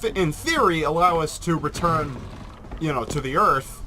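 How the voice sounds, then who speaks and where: Man, rambling Let's Play commentator, swears freely, fairly high voice, game noise behind. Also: expressive, normal speed, bright, forceful tone. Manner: rambling, profane, joking.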